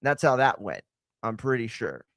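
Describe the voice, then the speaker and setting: A man's voice: mid-range voice, moderate pace, no echo, studio quality. A man hosting a casual combat sports podcast, talking animatedly and joking, with many repeated words. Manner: animated, repeats himself, jokey. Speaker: podcast host.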